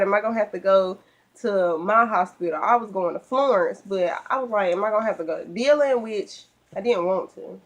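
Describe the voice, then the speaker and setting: Chatty Southern woman telling her story. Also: mid-range voice. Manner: animated, chatty, acts out her own past lines. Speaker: vlogger. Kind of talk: personal storytelling. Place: at home.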